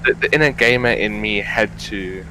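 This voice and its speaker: A man's voice: lowish voice, moderate pace, bright, forceful tone, slight background noise, poor audio. A man streaming a flight sim, chatting casually on a headset with dry, wry remarks. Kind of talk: casual gaming chat.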